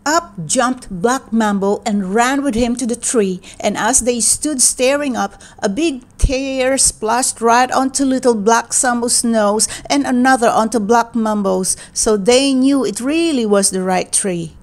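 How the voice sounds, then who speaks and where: A woman reading a children's picture book aloud in a gentle, expressive, deliberate way. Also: on the high side. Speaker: read-aloud narrator.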